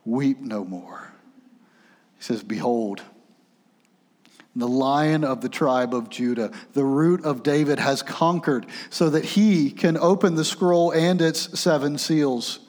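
A man preaching a sermon, swinging between urgent raised passages and hushed, quiet ones. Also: on the high side, slow, big-room sound.

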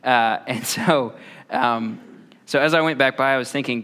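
A man in his thirties giving a conversational sermon, relaxed and often pausing on "uh" between thoughts. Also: mid-range voice, smooth. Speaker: preacher.

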